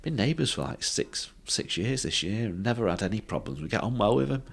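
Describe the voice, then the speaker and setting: A man telling a personal story as a podcast guest, halting and full of fillers and restarts. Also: fairly low pitch, lively intonation, vocal fry. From England.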